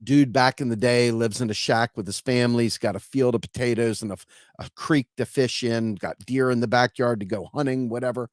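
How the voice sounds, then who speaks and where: A man hosting a casual explainer talk, telling stories in an animated, conversational way. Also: mid-range voice, a little fast, no room sound, studio quality. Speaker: host.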